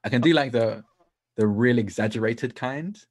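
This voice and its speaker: A man's voice: mid-range voice, moderate pace, no room sound. A man from Essex with an Essex English accent, chatting as a podcast guest in a self-deprecating way. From Essex, England. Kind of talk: casual chat.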